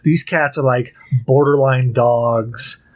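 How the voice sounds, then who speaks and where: A man hosting a podcast in casual chat, telling stories in an animated, exaggerated way. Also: mid-range voice, takes it slowly. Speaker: podcast host.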